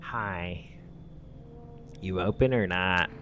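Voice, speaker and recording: A man voicing a mysterious ballerina stranger who speaks slow, broken, cryptic English. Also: low-pitched, a bit bright, soft background music, exaggerated voice. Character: eerie, terse female ballerina stranger.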